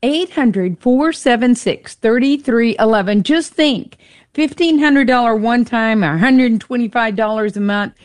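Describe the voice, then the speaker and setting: A woman co-hosting a radio pledge drive, upbeat and teasing, repeating the phone number slowly for listeners. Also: on the high side, dry recording, clean studio sound. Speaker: radio fundraiser co-host.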